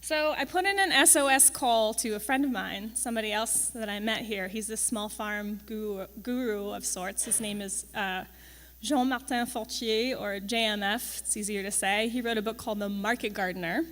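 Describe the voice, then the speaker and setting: A woman's voice: mid-range voice, moderate pace, fairly bright tone. A young woman giving a conversational presentation to an audience as a campus farm manager. She is chatty and wry, with frequent ums and tag questions. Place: large event hall. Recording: long reverb of a large event hall.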